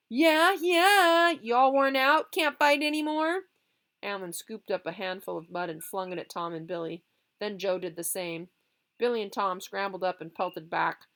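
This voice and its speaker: A woman, a teacher, reading a children's novel aloud in a lively, expressive way. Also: lowish voice.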